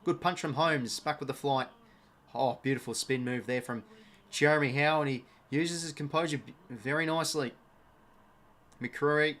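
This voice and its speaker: Young Australian man, slightly high voice, live watch-along caller, excitable and sweary. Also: moderate pace. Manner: excitable, shouts at big moments, swears; chatty asides and thanks to viewers. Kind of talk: live fan commentary.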